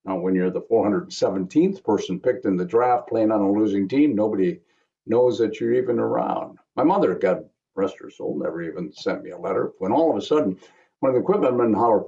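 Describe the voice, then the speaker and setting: A man's voice: on the low side, a little fast, creaky, warm tone, muffled recording. A man in his seventies giving a remembrance speech as a guest speaker, telling a personal story with wry asides. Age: 70s.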